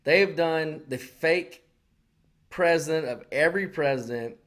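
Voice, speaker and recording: Profane, animated man telling stories. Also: on the high side, a little slow. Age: around 40. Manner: animated storytelling, acting out quotes. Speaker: podcast co-host. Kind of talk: casual profane chat.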